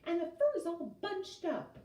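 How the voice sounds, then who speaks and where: A woman's voice: extremely high pitch, wildly swooping pitch, a little slow, mellow, voice pushed up, full character voice. A woman voicing a fussy, proud mother bear in a storybook reading, huffing and growling her lines. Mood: huffy. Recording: roomy, mic at a distance.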